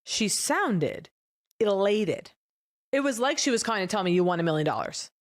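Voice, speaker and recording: A woman co-hosting a casual comedy podcast, telling a story with lively quoted voices. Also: moderate pace. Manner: animated storyteller, acts out quoted voices with big pitch jumps. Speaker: podcast co-host.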